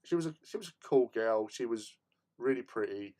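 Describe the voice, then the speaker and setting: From a hobby room at home, a man hosting a laid-back stream tells an animated story in a mid-range voice at normal speed. He laughs often and repeats words as he stammers along.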